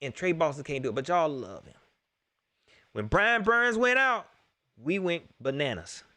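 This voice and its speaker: A man hosting a casual sports talk stream, animated and joking, repeating his lines for effect. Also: fairly high pitch, normal speed.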